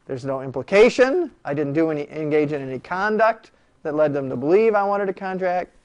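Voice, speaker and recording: A man lecturing a classroom on law, animated and jokey, firing rhetorical questions at his students. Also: fairly high pitch, a little fast, lo-fi sound.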